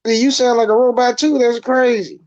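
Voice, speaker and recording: A man's voice: extremely high pitch, steady tone, moderate pace, a little mellow, no echo. Blunt slangy man on a lo-fi call. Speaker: stream guest. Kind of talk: casual live stream chat. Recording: dry, dull lo-fi call audio.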